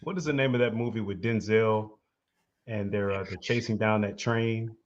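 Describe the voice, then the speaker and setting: A man co-hosting a casual chat, telling a story in an animated way and laughing as he talks. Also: lowish voice, normal speed, highs cut off. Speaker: co-host.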